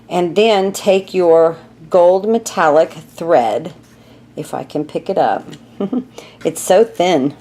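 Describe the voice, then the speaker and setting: A woman's voice: fairly low pitch, dark tone, slight background noise. A middle-aged woman chatting through a card-making tutorial, laughing at her own mess as she works. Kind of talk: casual craft tutorial.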